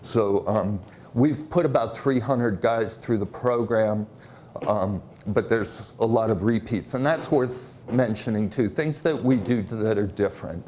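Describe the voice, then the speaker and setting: A man presenting at a conference, telling stories in a halting way with many fillers. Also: on the low side, dark tone, a little hiss or hum. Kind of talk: conference talk.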